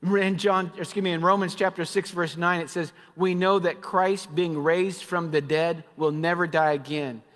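A man preaching a sermon as pastor, fervent, rising loud and then dropping soft and low. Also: fairly even intonation, moderate pace, hardly any pauses. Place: church sanctuary. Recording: long reverb of a church hall.

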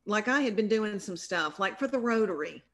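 A woman's voice: medium pitch, lively intonation, moderate pace. Chatty Southern woman telling stories. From American South. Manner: chatty, rambling, self-deprecating. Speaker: comedian guest. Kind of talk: casual storytelling interview.

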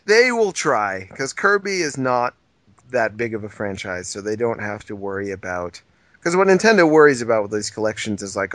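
A man's voice: fairly low pitch, very animated, moderate pace, a bit bright, no echo. A man co-hosting a casual podcast, rambling and thinking aloud with lots of fillers. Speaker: podcast co-host. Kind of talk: casual chat.

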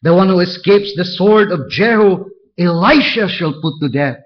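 A man preaching a verse-by-verse sermon, reading scripture aloud and pointing out each step with deliberate care. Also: sits high, lively intonation, dull audio. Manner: slow, deliberate, walks through verses point by point. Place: church.

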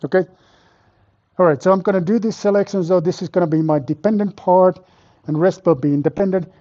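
A man lecturing a university class live, with a fairly high, mellow voice. He walks through the material step by step, puts questions to the room and teases the students about their answers. The stream sounds dull and lo-fi. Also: a little fast. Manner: quizzes students and teases them. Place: lecture hall with a live audience.

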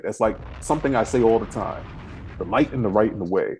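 A man's voice: lowish voice, expressive, a little fast, a little mellow, slight background noise. A man hosting an interview show, talking in an emotional, rambling way. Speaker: show host. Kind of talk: casual interview chat.

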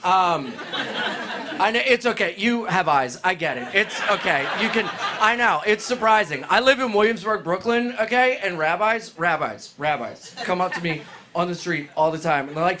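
High voiced guy doing loud sweary standup, noisy live club recording. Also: animated, moderate pace. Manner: loud, profane, jumps into shrieking bits. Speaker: stand-up comedian. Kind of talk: live stand-up set with crowd work. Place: comedy club with live audience.

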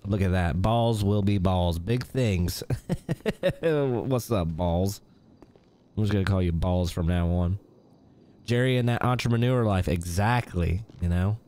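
Man, low voice, casual stream host, greets viewers by name, laughs a lot. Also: a little slow, warm tone. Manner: reads viewer names aloud, chuckles often. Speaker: livestream host. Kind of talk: casual live-stream chat.

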